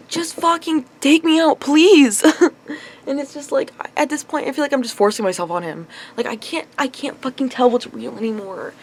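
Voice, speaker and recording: A young woman ranting in a casual vlog into her phone, rambling with lots of fillers and swearing, clearly frustrated. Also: a little high, a little hiss or hum, rough recording. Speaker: vlogger. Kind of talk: casual confessional vlog rant.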